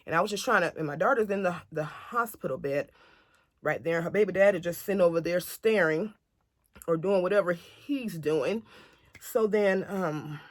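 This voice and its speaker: A woman telling a family story to camera in a casual, animated way, acting out what others said. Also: lowish voice, moderate pace, no echo, studio quality. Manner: chatty, animated retelling that acts out other people's lines.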